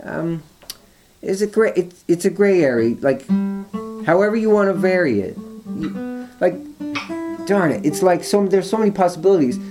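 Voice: medium pitch, lively intonation, normal speed, pauses often. A music teacher explaining call and response during a guitar lesson, thinking aloud with restarts and fillers, with guitar playing in between.

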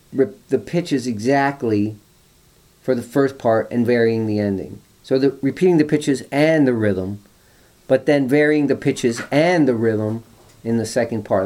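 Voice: mid-range voice, a little mellow. A music teacher explaining call and response during a guitar lesson, thinking aloud with restarts and fillers, with guitar playing in between.

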